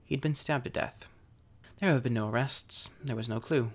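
A man voicing a calm, watchful physician who speaks in a measured, gently probing way. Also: mid-range voice, close to an everyday voice.

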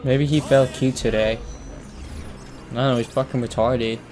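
A man commenting on a video game as he plays, swearing constantly and breaking into loud sudden outbursts. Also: medium pitch, fairly even intonation, moderate pace, a little hiss or hum. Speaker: gameplay commentator. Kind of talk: let's play commentary. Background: game audio and music.

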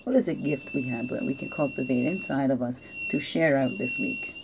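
A woman acting as a spiritual teacher, giving a casual weekly oracle card reading. She reflects aloud, asks many questions, often adds "right?", and jokes gently at her own expense. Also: sits low, huge pitch swings, brisk, noisy background. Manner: gently joking, laughs at herself. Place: at home.

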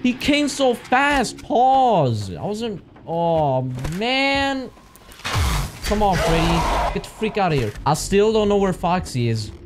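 A young man hosting a horror game playthrough, reacting loudly and energetically with frequent swearing. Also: high-pitched, sing-song, takes it slowly, noisy background. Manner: hyper, jumpy, loud reactions and swearing. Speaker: gaming channel host. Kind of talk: horror game let's play commentary.

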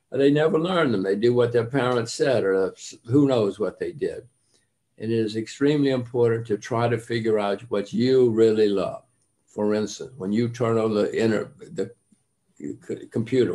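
A man's voice: mid-range voice, darkish tone. An older man giving a motivational lecture to students, emphatic and repeating his key points. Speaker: guest lecturer.

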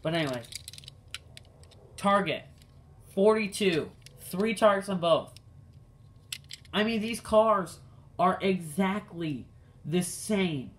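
A man's voice: high voice, expressive, slow pace, long pauses, a bit bright. A young man reviewing a toy race car for his channel, talking straight to viewers in an exasperated, ranting way. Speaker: diecast collector reviewing cars. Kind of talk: casual video review.

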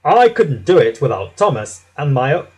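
A man's voice: mid-range voice, big pitch swings, moderate pace, a little mellow, breathy edge. A man voicing a proud railway boss giving formal thanks, in a storybook reading.

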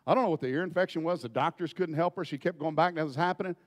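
A man preaching a folksy storytelling sermon, dropping to quiet asides and then bursting into loud shouts. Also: fairly high pitch, rapid-fire, in a large hall.

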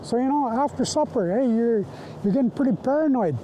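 A man's voice: very high-pitched, expressive, fairly quick, mellow, slight background noise, low-quality recording. A Canadian man giving personal testimony in a documentary interview, retelling the past in vivid present tense with repeated phrases. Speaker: residential school survivor.

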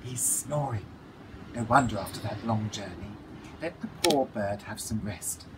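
Man doing a gentle whispering storybook mother, kind and hushed. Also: lowish voice, unhurried, background noise, close to an everyday voice. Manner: whispering softly.

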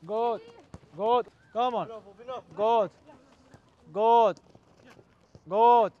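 High-voiced man coaching on a pitch. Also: lively intonation, normal speed, long pauses, highs cut off. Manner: short commands, calls out to players, mixes in Spanish. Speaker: football coach. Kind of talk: on-field coaching demonstration.

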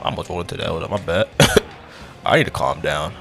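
A man giving profane live commentary over his own gameplay, muttering one moment and yelling the next. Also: low-pitched, sing-song, quick pace, creaky, faint music behind. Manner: profane, reactive, swinging between muttering and yelling. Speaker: gaming commentator.

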